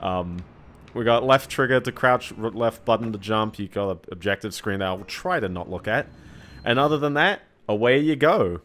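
A man's voice: lowish voice, animated, moderate pace, fairly bright tone, slight background noise. A man streaming a game, giving rambling, chatty commentary full of fillers and small laughs. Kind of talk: casual gameplay commentary. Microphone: desk microphone.

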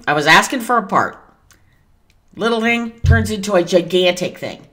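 A woman's voice: medium pitch, expressive, moderate pace, bright, forceful tone. A woman talking casually in a vlog as a tarot reader, chatty and digressive, with some mild cursing.

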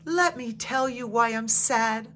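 A woman voicing a sad, gentle young female dandelion in a storybook, soft and wistful. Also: fairly high pitch, takes it slowly, slight background noise.

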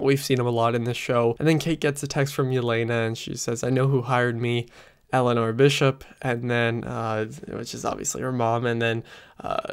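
Man, casual show review, mid-pitched, rambling with fillers, close desk mic, home setup. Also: clear, resonant tone. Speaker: film and TV reviewer. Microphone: USB desk microphone close up.

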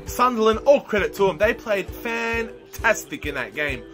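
A young man giving excitable live commentary over his own football video game, shouting and groaning as the match unfolds. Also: high voice, moderate pace. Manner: animated, shouts and groans at the action. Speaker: gaming commentator. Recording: faint music underneath.

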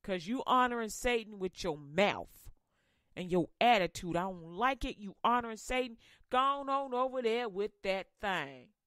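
A woman's voice: medium pitch, expressive, unhurried, a bit bright, dry recording, studio quality. A woman voicing God as a stern but loving father, who scolds in casual slang. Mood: scolding. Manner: firm, scolding, streetwise.

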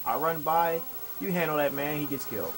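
A young man casually commentating while he plays an online shooter, swearing and complaining with sudden excited outbursts. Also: a little high, brisk, soft background music. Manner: profane, frustrated, with excited outbursts. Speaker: gamer. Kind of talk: live commentary over gameplay. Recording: noisy capture over game audio. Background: game sounds.

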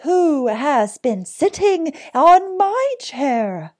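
A woman's voice: very animated, extremely slow, exaggerated voice. A woman doing a fussy middle-sized bear. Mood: complaining. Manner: high, loud, complaining.

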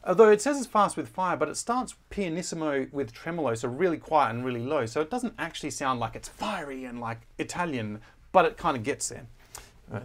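A male music teacher talks through a score in a loose, easygoing voice, with ums and quick corrections scattered throughout. His pitch sits in a middle range, neither deep nor high. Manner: relaxed, chatty, with many fillers and self-corrections. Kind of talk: casual score walkthrough.

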